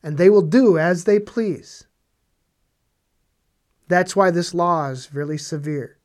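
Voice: medium pitch, takes it slowly, a little mellow. A Bible teacher preaching on scripture in a conversational way, stressing points by repeating phrases and asking rhetorical questions.

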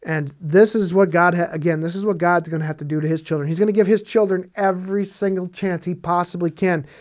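Steady and fairly quick, this medium-pitched, darkish voice belongs to a Bible teacher preaching on scripture. The delivery is emphatic yet conversational, driving points home by repetition and posing rhetorical questions to the audience.

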